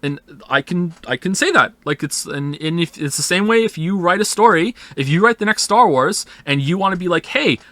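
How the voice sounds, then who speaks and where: A man with a high, expressive voice speaks briskly with hardly any pauses, his tone a bit bright on a dry recording. Streaming casually, he rambles, swears and stresses words while answering chat, sometimes acting out imagined voices as if quoting them.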